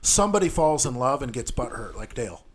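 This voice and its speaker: A man's voice: mid-range voice, sing-song, quick pace. A man, a podcast guest giving blunt, profane advice in crude casual banter.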